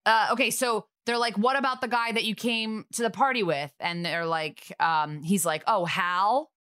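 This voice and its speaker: A woman co-hosting a podcast, recapping a TV episode in casual chat with sarcastic, quick asides. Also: medium pitch, a bit bright, smooth, dry recording, clean studio sound.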